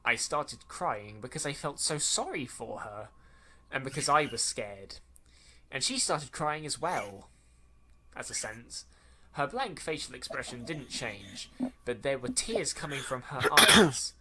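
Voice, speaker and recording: A man's voice: medium pitch, big pitch swings, a little slow, pushed and bright, slight background noise. A man hosting a podcast, reading a horror story aloud, tripping over clumsy sentences and rereading them with sarcastic asides. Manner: stumbling over lines and rereading them mockingly.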